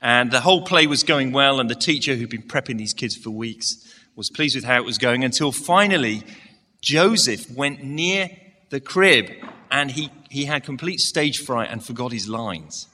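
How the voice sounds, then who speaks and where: A man's voice: medium pitch, expressive, moderate pace, sharp tone. A man giving a sermon to a church congregation, telling a story and asking the listeners direct questions. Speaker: preacher. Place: church service, large hall. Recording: long hall reverb.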